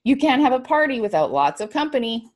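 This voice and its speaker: A woman voicing God as a cheerful little girl, spoken gently in a storytelling way. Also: high voice, big pitch swings, fairly quick, voice pushed up. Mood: playful.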